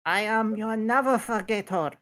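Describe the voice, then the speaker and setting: A woman's voice: mid-range voice, moderate pace, a bit bright, voice pushed up, natural voice. Woman putting on a tiny nervous kobold, talks all choppy and pleading. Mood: earnest. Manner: broken grammar, frightened pleading. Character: timid little male kobold, broken speech.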